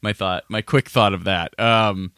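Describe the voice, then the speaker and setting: Male podcast host, bright and lively, rambling, dry close sound. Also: unhurried, clear, resonant tone, no room sound. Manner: rambling, restarts, lively pitch. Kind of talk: casual podcast chat.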